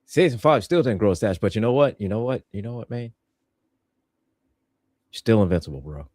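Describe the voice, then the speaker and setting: A man's voice: fairly low pitch, animated, normal speed, darkish tone, dry recording, clean studio sound. A man hosting a podcast, reviewing a show in casual, joking chat. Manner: playful, joking, laughs a lot. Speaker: podcast host.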